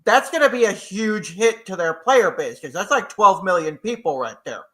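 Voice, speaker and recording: High, bright-voiced man co-hosting. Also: animated, moderate pace. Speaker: co-host. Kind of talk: casual chat.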